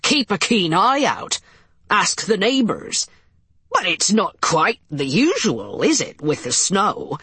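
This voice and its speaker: Woman voicing a gruff Irish police captain. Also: lowish voice, big pitch swings, slow, sharp tone, no room sound, exaggerated voice. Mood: measured, reassuring. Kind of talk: audiobook character voice.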